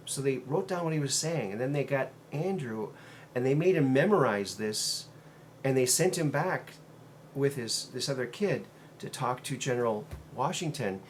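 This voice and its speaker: A man at an ordinary middle pitch talks through a long tale in a rambling, unscripted way. He stops often on um and uh, then picks the thread back up. His delivery stays casual, like a solo host talking straight to his viewers. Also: animated, a little hiss or hum. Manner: meandering, halting, frequent um and uh fillers. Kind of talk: casual monologue retelling a story.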